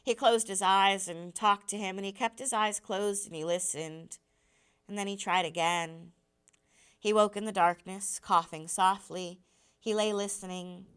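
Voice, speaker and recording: A woman teacher reading a novel aloud in a measured, even narration. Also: medium pitch, smooth.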